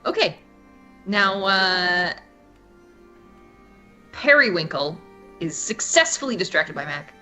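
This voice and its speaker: A woman narrating a tabletop game as game master, relaxed and full of fillers and hesitations. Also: lowish voice, takes it slowly, long pauses, soft background music. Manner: relaxed, hesitant with many fillers, laughs easily.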